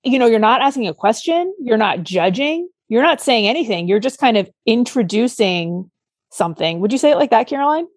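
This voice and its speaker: Talking a little fast with lively intonation, this woman's voice sits on the high side as she co-hosts a casual advice podcast on parenting. Earnest and methodical, she explains through step-by-step examples, at one point performing a child's outburst, in a recording free of room sound.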